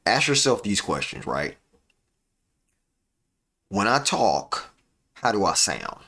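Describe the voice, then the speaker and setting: Low-voiced man giving a motivational talk. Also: very animated, pushed and bright. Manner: preachy, repeats "right?" as a tag; uses deliberate dramatic pauses. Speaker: live stream host. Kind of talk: motivational live-stream talk.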